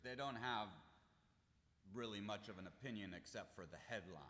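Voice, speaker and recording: A man's voice: lowish voice, normal speed, pushed and bright. A man in a casual chat adding brief, agreeable comments. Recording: long hall reverb.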